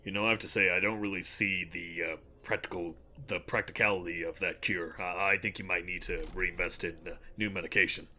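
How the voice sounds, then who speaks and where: A man's voice: low voice, steady tone, fairly quick, hardly any pauses, sharp tone, a little hiss or hum. A man giving casual gaming commentary, chatty and explaining game details with many fillers. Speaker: let's play commentator.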